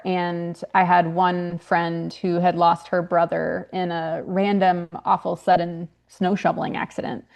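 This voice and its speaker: Her voice is lowish and gravelly, with a darkish tone. She's a young grief consultant and author speaking earnestly in a relaxed podcast interview, often restarting sentences and leaning on fillers.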